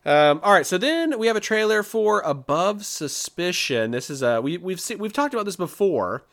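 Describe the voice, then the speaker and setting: A man's voice: sits high, very animated, normal speed, a bit bright. A man co-hosting a podcast, chatting loosely about movie trailers with frequent restarts and fillers. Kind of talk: casual chat.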